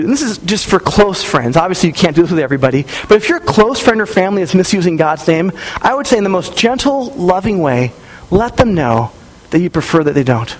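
A male pastor in his thirties delivers a sermon with a notably high-pitched voice. He speaks in a relaxed, conversational way and slips into the voices of people in his stories. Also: poor audio. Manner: conversational, storytelling with acted-out quotes.

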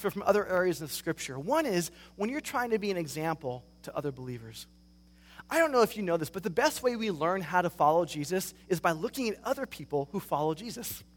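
A man preaching a sermon as pastor, telling stories in an animated way and acting out reactions. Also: sits high, in a large hall. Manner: animated storytelling, acts out reactions.

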